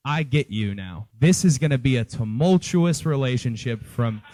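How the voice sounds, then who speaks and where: Lively man telling a funny story. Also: mid-range voice, moderate pace, no echo. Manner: lively storyteller who acts out the other people's lines. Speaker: wrestler telling a story in an interview. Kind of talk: casual anecdote.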